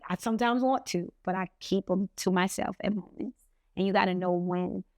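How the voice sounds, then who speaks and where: A middle-aged woman co-hosting a podcast, speaking earnestly and reflectively with pauses. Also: medium pitch, a little mellow, no echo, clean studio sound. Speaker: podcast co-host. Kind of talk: heartfelt podcast talk.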